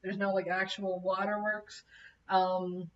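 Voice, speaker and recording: A woman's voice: mid-range voice, level tone, takes it slowly, recorded from a distance, dull audio, a little hiss or hum. A middle-aged woman reviewing a TV episode in a blunt, exasperated, conversational rant. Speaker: show reviewer. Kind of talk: casual rant-style TV review.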